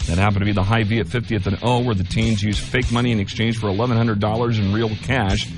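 Brisk newscaster over a music bed. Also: male voice, on the low side. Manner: brisk, steady newsreading. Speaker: radio newscaster. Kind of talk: scripted news read.

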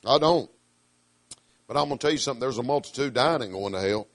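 A middle-aged man, preaching a sermon with emphatic, swinging delivery, loud declarations dropping to quiet asides. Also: mid-range voice, expressive, fast, creaky, dry recording.

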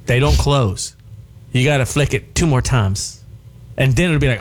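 A man's voice: medium pitch, normal speed. A man hosting a morning radio show, bantering in a joking way and laughing often.

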